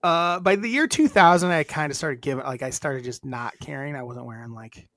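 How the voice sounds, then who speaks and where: A woman's voice: sits low, a little fast, a bit bright, no room sound. A woman co-hosting a podcast in casual chat, reading out lists and joking around. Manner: chatty, reads lists aloud, laughs and jokes. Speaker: podcast co-host.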